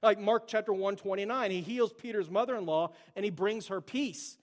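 A man with a notably high voice preaches a relaxed, conversational sermon, slipping into casual asides and voicing the quoted scripture. His words ring out with the long reverb of a church hall. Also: moderate pace. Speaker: pastor.

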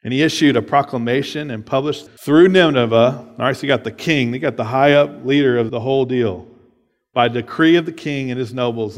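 A man's voice: medium pitch, in a large hall. A man preaching a sermon, reading scripture aloud and explaining it in a casual way, often checking in with "right?". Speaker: pastor.

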